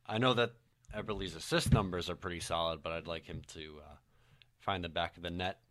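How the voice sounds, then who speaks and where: A man co-hosting a casual sports podcast, talking in a measured, analytical way. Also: deep voice, fairly even intonation, a bit bright, no echo, studio quality. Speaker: podcast co-host.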